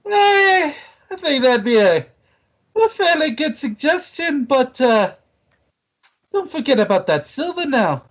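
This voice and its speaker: A woman's voice: high-pitched, big pitch swings, a little slow, pauses often, lo-fi sound. A woman voicing a blunt male dwarf adventurer who bargains in a bold, folksy way. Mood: haggling.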